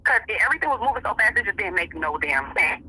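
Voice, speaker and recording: A woman's voice: mid-range voice, sing-song, quick pace, sharp tone, husky, low-quality recording. A woman being interviewed, telling a story in casual, emphatic, profane talk and acting out what other people said. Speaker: interview guest.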